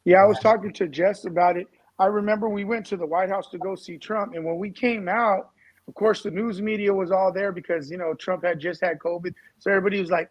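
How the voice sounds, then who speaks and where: A man on a talk-show panel, telling a story in an animated way. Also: high-pitched, a little fast, highs cut off. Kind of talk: casual talk-show discussion.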